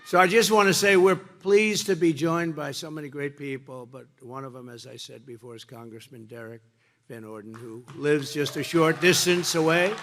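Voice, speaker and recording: Speaking into a podium mic at a campaign rally, a man with a somewhat high, gravelly voice delivers a speech to the crowd at a normal pace. He hammers home points by repeating phrases, alternating between loud, punchy lines and quiet, muttered asides.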